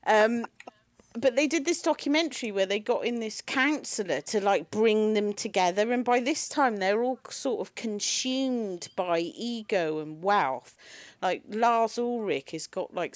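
A woman telling rock-and-roll anecdotes in a loose, giggly chat. Her voice sits at an ordinary middle pitch and sounds dry and close, with no room around it. She breaks into laughter and swears as she talks. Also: dry recording. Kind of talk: casual chat about rock music.

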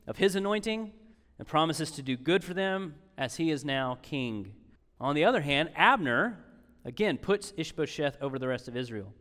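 A man's voice: a little high, fairly bright tone, in a large hall. A man preaching a sermon as pastor, conversational and emphatic, repeating key phrases and slipping in sarcastic asides.

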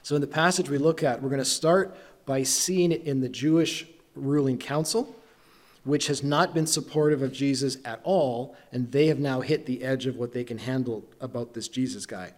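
A man preaches a sermon in an easygoing, conversational voice that sits at an ordinary middle pitch. He tells his story loosely and pokes fun at himself, sounding like a pastor talking with his congregation rather than lecturing them. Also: normal speed. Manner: conversational storytelling with self-deprecating humor.

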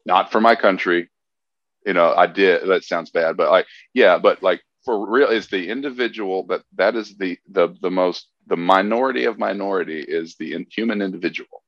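A man's voice: deep voice, normal speed, dry recording, lo-fi sound. A man chatting casually on a podcast, earnestly retelling stories with quoted dialogue. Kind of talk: casual chat.

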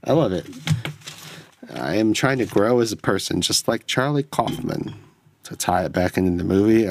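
A tipsy man hosting a solo film-review podcast, rambling and self-deprecating, alone at home at night into a close microphone. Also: low voice. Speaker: podcast host. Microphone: studio mic close up.

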